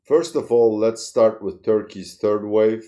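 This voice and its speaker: Male commentator, deep and unhurried, dry and sardonic. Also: mellow. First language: Turkish. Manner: wry, sardonic, chuckles through serious points. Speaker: channel host, commentator. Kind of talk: solo video commentary.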